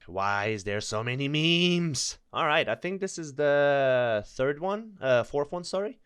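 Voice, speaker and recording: A man's voice: fairly high pitch, animated, moderate pace, few pauses, fairly bright tone, smooth, dry recording, studio quality. A man reading creepy stories aloud, nervous and stumbling, breaking off to laugh and joke between passages. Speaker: storyteller reading online stories. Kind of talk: reading aloud with joking commentary.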